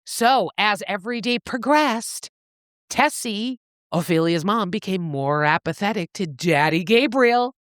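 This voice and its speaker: A woman's voice: mid-range voice, unhurried, no echo, studio quality. A woman co-hosting a book podcast, recapping a novel in casual chat, swearing freely as she goes. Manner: animated, swears freely, acts out characters' lines.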